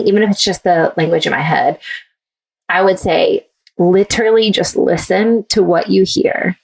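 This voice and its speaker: A woman's voice: lowish voice, moderate pace, gravelly, a little mellow, slightly rough, recorded from a distance. A woman author, a guest in an interview, giving earnest, thoughtful answers with frequent fillers.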